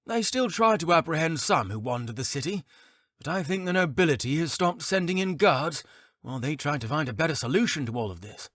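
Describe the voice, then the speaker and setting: A gossipy innkeeper who chuckles through his talk, as a man acts him out, his voice pitched up above the narration and swinging up and down. He is knowing and friendly, leaning in to share rumors. It is a dry, close audiobook read. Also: expressive, fairly quick, fairly bright tone, dry recording. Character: chuckling middle-aged male innkeeper, gossipy. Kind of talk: audiobook character reading.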